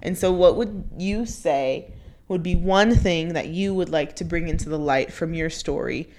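A woman's voice: on the low side, a little slow, a little mellow. A woman co-hosting a podcast, chatting casually and asking her guest a closing question. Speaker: podcast co-host.

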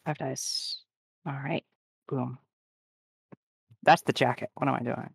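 A man with a gravelly, fry-edged voice, talking through his turn in a tabletop game. He speaks at a middling pitch and makes dry, wry asides. The sound is close and dry, with no room echo. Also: steady tone, slow pace. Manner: dry, wry asides about dice rolls. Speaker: player. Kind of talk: tabletop role-play, playing a character.

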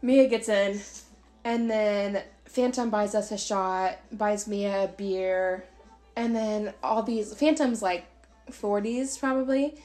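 A woman in her twenties telling a story in casual podcast chat, animated, swearing freely and acting out quotes. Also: mid-range voice, slow, soft background music. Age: 20s. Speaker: podcast co-host.

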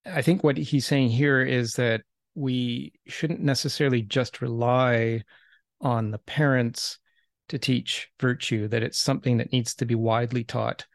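Man, discussion leader, gravelly, flat delivery, dry close sound, thoughtful restarts. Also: medium pitch, dry recording. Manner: thoughtful, measured, with repeated restarts. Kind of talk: casual seminar discussion.

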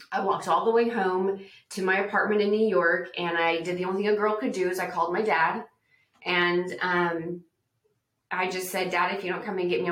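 Her voice medium in pitch and fairly bright, a female podcast guest reflects earnestly on her own testimony and performs the voices she quotes. The room adds noticeable echo.

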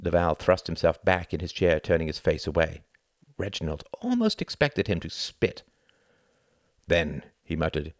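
Expressive male audiobook narrator. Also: deep voice, moderate pace, no echo, clean studio sound. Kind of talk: scripted narration.

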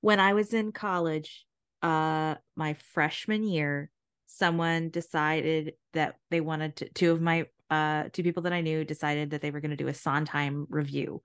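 Female co-host, very low voice, chatty storyteller, dry close recording. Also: steady tone, smooth, no room sound. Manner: chatty, quick reactions and laughs. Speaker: podcast co-host. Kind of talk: casual storytelling chat.

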